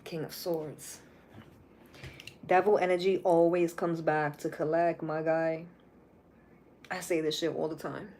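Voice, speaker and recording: A woman's voice: low voice, a little slow, pauses often, background noise. Blunt, profane woman reading tarot. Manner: blunt, profane, animated, repeats phrases. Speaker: tarot reader. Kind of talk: casual live tarot reading.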